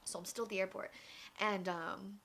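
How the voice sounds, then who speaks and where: A young woman vlogging a personal story, candid and animated, acting out the voices of people in it. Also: medium pitch, normal speed. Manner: candid, animated retelling that acts out quoted voices.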